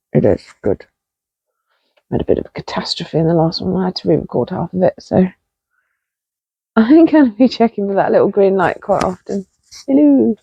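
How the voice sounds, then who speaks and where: A woman's voice: medium pitch, creaky, dark tone, breathy edge, dry recording. A woman hosting a casual knitting podcast, chatty and self-deprecating, rambling with fillers. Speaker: podcast host.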